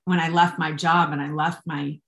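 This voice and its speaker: A woman's voice: sits low, little pitch movement, moderate pace, creaky, a bit bright. A woman guest on a faith podcast, talking earnestly about serving God, rambling through restarts and growing emotional. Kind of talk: casual faith conversation. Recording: echoey room.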